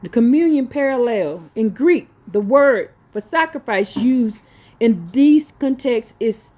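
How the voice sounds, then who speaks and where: High-voiced and a little mellow, this woman preacher reads notes in a slow, deliberate way, then erupts into scolding asides. Her speech is blunt, colloquial, and full of profanity.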